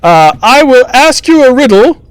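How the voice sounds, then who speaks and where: A man voicing a showy male court jester who hosts a contest in a loud, booming announcer manner. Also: very animated, moderate pace, clean tone, no echo. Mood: theatrical.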